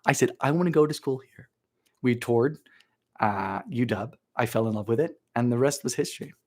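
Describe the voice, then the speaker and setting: A man's voice: mid-range voice, normal speed, darkish tone. A young man from Bermuda, chatting playfully as he hosts a live baking stream from his kitchen. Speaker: baking show host. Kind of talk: casual live-stream chat while baking. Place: home kitchen.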